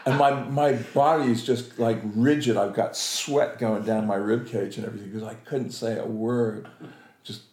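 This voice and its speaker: A man's voice: fairly low pitch, normal speed, echoey room. A man telling an anecdote as an interview guest, acting out the lines of the people in his story and laughing often. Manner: animated, acts out quoted voices, laughs often.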